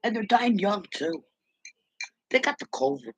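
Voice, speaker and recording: A woman with a husky, breathy voice rambles on in a casual monologue, muttering to herself and letting sentences trail off. Her pitch swings widely as she talks, and the sound is close and dry with no room around it. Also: very animated, unhurried, no room sound. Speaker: vlogger.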